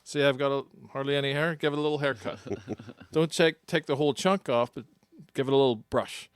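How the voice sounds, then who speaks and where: A man who co-hosts a podcast and coaches golf, explaining his drill step by step in a relaxed chat. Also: medium pitch, a little fast, clear, resonant tone, no echo, studio quality.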